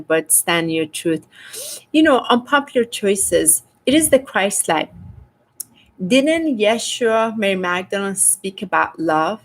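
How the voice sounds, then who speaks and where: A middle-aged woman hosting a casual spiritual livestream, reading viewers' comments aloud and talking with animated exasperation. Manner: animated, rises in pitch when exasperated. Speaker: spiritual host reading live chat.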